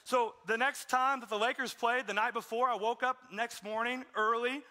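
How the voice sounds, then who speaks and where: A man's voice: extremely high pitch, steady tone, moderate pace, sharp tone. A man preaching a conversational sermon as a pastor, telling stories in a casual way with self-deprecating humor. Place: church sanctuary.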